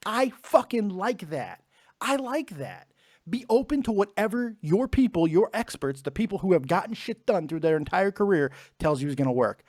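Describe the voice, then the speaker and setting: A man hosting a casual podcast, ranting with lots of swearing in an animated way. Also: on the high side, normal speed, no room sound, studio quality. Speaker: podcast host. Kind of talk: casual chat.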